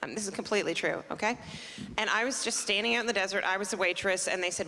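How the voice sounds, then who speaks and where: A woman's voice: mid-range voice, fast talker, bright, forceful tone. A woman from Canada performing a stand-up comedy set, chatty and self-mocking, with playful asides to the audience. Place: comedy club stage. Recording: live stage with long reverb, faint noise.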